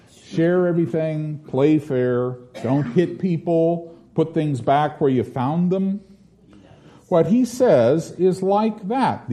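Man preaching, sermon, slow and deliberate, lively swooping pitch, mellow tone. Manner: slow deliberate preaching, rising to forceful declamation in scripture readings.

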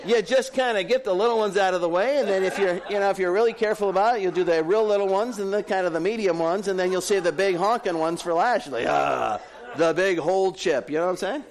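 A man's voice: high-pitched, quick pace, few pauses. A middle-aged man preaching a sermon to a congregation, telling stories with humorous asides. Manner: animated storytelling with humorous asides. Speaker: pastor.

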